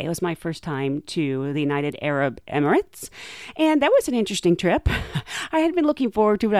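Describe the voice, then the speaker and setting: A young woman flight attendant telling stories in a chatty way, laughing often and acting out quotes in a higher voice. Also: a little mellow, no echo, studio quality. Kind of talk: casual storytelling monologue.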